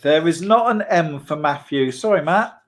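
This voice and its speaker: A man's voice: fairly high pitch, animated, normal speed. Upbeat man hosting a kids' club. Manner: chatty and playful, with frequent laughs and fillers. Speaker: host of a children's church club. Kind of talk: casual online hosting for children.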